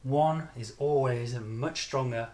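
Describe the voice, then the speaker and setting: A British man gives an English pronunciation lesson in an unhurried, deliberate way. His voice sits at an ordinary middle pitch, and he models sounds and stress patterns by repeating them one after another. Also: darkish tone.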